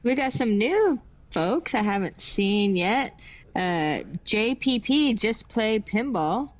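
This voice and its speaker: A woman's voice: a little high, big pitch swings, slow pace, lo-fi sound. A woman co-hosting a live stream, chatting casually, laughing often and reading chat messages aloud. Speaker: co-host of a live pinball repair stream.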